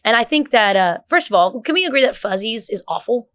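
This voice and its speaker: Lively, high-voiced woman telling stories. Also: fairly quick. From north Texas. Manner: animated storyteller, swears freely, acts out quoted voices. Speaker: podcast guest. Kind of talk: casual chat.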